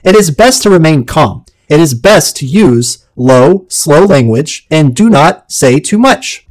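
A man hosting a solo podcast, talking in a wordy, theatrical way with punchy lists, and dropping low and slow when he quotes. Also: animated, low-quality recording. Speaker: podcast host.

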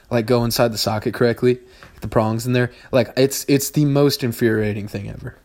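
Swearing young man musing aloud. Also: mid-range voice. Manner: rambling, heavy swearing, bursts of exasperation. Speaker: podcast host. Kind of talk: casual philosophical monologue.

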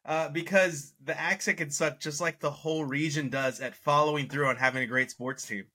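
A man hosting a casual sports podcast, teasing and excitable, gloating over rival teams. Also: on the high side, fairly quick. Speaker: podcast host.

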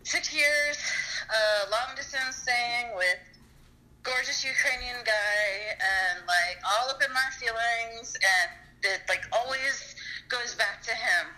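A woman's voice: fairly high pitch, slow, bright, forceful tone, low-quality recording. A woman calling in to a live stream, telling a long story in a rambling, profane, emotional way. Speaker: caller. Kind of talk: casual live-stream call.

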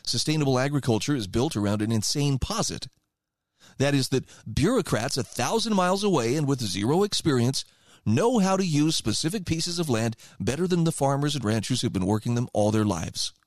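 Man, radio talk host, opinion commentary, emphatic, lively intonation, dry close sound. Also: mid-range voice, a little fast, no echo. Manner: conversational, emphatic and animated. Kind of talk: opinion commentary, reading passages aloud.

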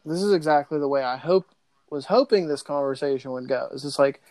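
A man's voice: a little high, fairly quick, a little mellow, no room sound. Rambling man. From Pittsburgh area. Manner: rambling, lots of likes and ums. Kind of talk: casual chat.

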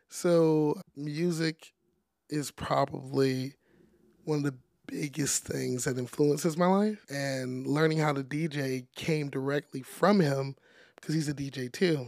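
A young man, a DJ, speaking as a guest in a casual interview, chatty and relaxed with lots of "like" and "you know.". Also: a little high, dry recording, clean studio sound. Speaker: podcast guest, DJ.

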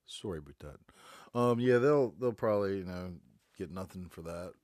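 A podcast host from North Carolina, in his 40s, does a casual solo monologue on his phone from the back bedroom, struggling with a stuffy head cold. His deep, slightly mellow voice has lively intonation at a normal speed while he rambles glumly and swears a lot. The audio is clean studio sound with no room sound.

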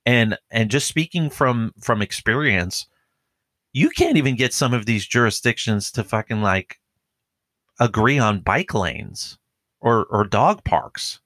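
A man who works as a police officer speaks a little slowly in an animated, slightly bright mid-range voice, with no echo. In this casual podcast chat he rambles profanely, filling his sentences with "like" and "dude."

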